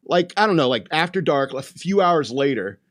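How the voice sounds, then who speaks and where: This podcast host is a man with a slightly high, expressive voice at a moderate pace. He rambles casually through a movie review rant, retelling the plot, laughing often and acting out quotes.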